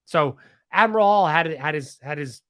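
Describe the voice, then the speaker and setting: A man's voice: fairly high pitch, lively intonation, moderate pace, pushed and bright, no room sound, clean studio sound. A man from Pennsylvania hosting a podcast, telling a history story casually and animatedly, with many restarts and asides. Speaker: podcast host.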